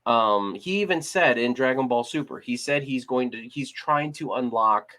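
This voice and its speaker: A male co-host of a casual discussion podcast talks at a moderate pace in a medium-pitched voice with a sharp tone. His chat rambles, full of restarts and fillers.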